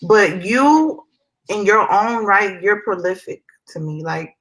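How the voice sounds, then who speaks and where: A woman hosting an interview, admiring and unhurried as she introduces her guest. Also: mid-range voice, lively intonation, fairly bright tone, rough recording. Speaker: interview host. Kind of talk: casual interview.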